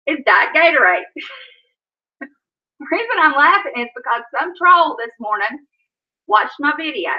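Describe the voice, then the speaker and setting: A woman chatting casually on a home livestream from her kitchen, scolding her dogs in baby talk between stories. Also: sits high. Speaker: vlogger. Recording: dull lo-fi sound.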